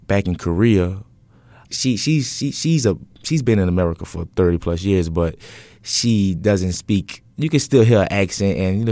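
On a dry recording, a young man with a low-pitched voice speaks casually as an interview guest. The event business owner tells his story in a relaxed, rambling way, leaning on many fillers.

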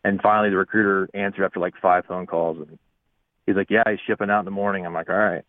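A man in his thirties, a police officer, chatting casually and quickly on a radio show. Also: sits low, flat delivery, no room sound. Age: 30s. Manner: fast, easygoing, full of restarts. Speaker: police officer, call-in guest. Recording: tinny phone line.

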